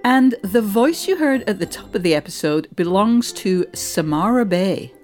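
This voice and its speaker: A woman's voice: mid-range voice, expressive, moderate pace, a little mellow, faint music behind. A woman with an English accent, co-hosting a podcast in casual, chatty conversation. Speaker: podcast co-host.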